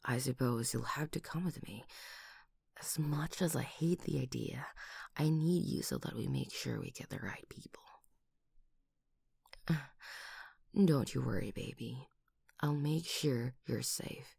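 A woman voicing a doting, protective lover who kills for her partner, in a whispered role-play with breathy whispers and sudden loud outbursts, close to the microphone. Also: very deep voice, a little slow, pauses often, dry recording, full character voice. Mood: doting worried.

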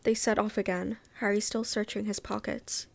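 Woman reading a book out loud, laid back, gravelly voice, middle pitch. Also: moderate pace, no echo. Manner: relaxed, unpolished, stops to comment. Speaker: reader. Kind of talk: casual reading of a novel aloud.

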